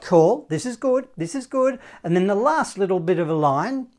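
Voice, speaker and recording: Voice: medium pitch, lively intonation, moderate pace, darkish tone, faint music behind. Chatty, encouraging online saxophone tutor; casual delivery, scats and counts. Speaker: saxophone teacher. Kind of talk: online music lesson.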